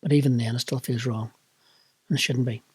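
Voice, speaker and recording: Husky Northern Irish man telling his story. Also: mid-range voice, steady tone, moderate pace, darkish tone, dry recording. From Northern Ireland. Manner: reflective, candid, emotional. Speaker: vlogger. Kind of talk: personal storytelling monologue.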